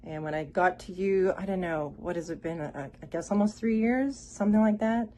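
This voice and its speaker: A woman from Miami giving a heartfelt, halting testimonial, close to tears. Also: lowish voice, mellow, a little hiss or hum. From Miami, Florida. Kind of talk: emotional spoken testimonial.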